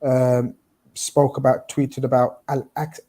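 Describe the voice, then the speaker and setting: A man's voice: medium pitch, little pitch movement, slow pace, dark tone. A man hosting a football podcast, loose and jokey, stumbling over names and asking the panel's views. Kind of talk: casual football chat.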